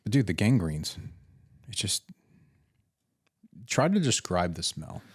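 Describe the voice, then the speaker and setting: A man's voice: deep voice, very animated, slow pace, breathy edge, dry recording, clean studio sound. A man co-hosting a podcast about emergency medical work, laid-back and slangy, giving short reactions. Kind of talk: casual chat.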